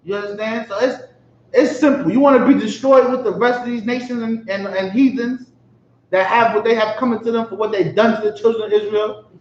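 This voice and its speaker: A man's voice: high voice, fairly even intonation, a little fast, a little hiss or hum. A man preaching with emphatic rhetorical questions, often asking if his listeners understand. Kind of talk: street-style religious preaching. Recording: echoey lo-fi room recording.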